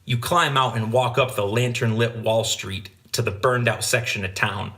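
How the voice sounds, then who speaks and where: A man's voice: medium pitch, fairly even intonation, moderate pace, pushed and bright. A man hosting a gaming channel, reading a gamebook aloud with casual, joking asides.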